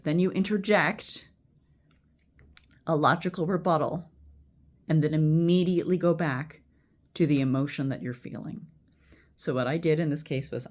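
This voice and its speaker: Rambling casual speaker teaching a calming routine. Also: mid-range voice, moderate pace, pauses often. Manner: rambling, restarts, repeats phrases like a chant; blunt, occasional swearing. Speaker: healthcare worker teaching a friend. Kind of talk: casual spoken instruction. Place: at home before bed.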